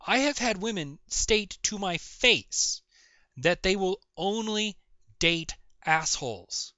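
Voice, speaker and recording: A man's voice: high-pitched, lively intonation, slow pace, pushed and bright, no room sound. A man ranting sarcastically in a reaction video, mocking and exasperated, swearing often. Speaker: video commentator. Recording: dull lo-fi recording.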